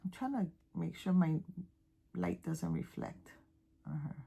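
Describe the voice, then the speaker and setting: A woman with a Caribbean accent talks casually to her camera at home. Her delivery is chatty and loose, full of restarts and trailing thoughts, and she often drops to a soft, almost whispered voice. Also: fairly low pitch, animated, a little slow, gravelly, husky. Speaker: cross-stitch vlogger. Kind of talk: casual show-and-tell chat.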